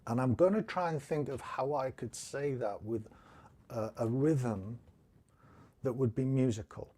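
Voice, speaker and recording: A man with a Teesside accent talks through a relaxed guitar lesson, thinking aloud as he goes. His voice is mellow and dark-toned at a middling pitch, and he comes across as chatty and self-deprecating. He is recorded on a close mic, with guitar playing behind him. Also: unhurried. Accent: Teesside English. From northeast England. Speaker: guitar teacher. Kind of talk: casual live-stream guitar lesson.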